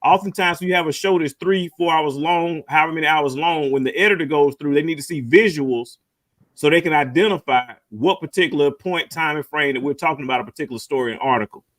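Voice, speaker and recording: A man's voice: fairly high pitch, fast talker, a bit bright. A man hosting a casual call-in show, talking in long rambling runs and repeating words as he thinks. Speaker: host.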